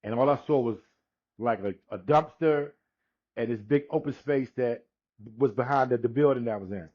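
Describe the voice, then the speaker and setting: A man in his sixties telling his personal testimony in conversation, unhurried, acting out the dialogue he quotes, with frequent restarts. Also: medium pitch. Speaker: guest sharing his testimony. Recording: dull lo-fi recording.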